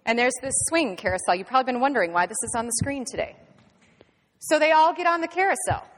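Woman teacher retelling a story for a class, lively delivery, echoey room. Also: high-pitched, fast, a little hiss or hum. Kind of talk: storytelling lesson.

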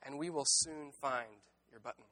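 A man voicing a patient, helpful male frog from a storybook, in a lighter and higher voice. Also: normal speed, sharp tone, big-room sound, low-quality recording. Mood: kind.

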